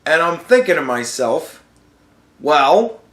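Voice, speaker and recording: A man's voice: a little high, expressive, unhurried, fairly bright tone, roomy sound. A man hosting a podcast, telling a story in a casual, profane rant and reacting with disbelief. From United States. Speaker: podcast host. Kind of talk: casual ranting monologue.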